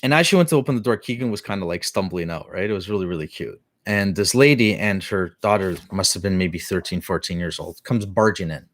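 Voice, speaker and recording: A man's voice: low voice, a little fast, few pauses, no echo. A middle-aged man hosting a casual live-stream chat, telling a family story in a rambling way, full of restarts and fillers.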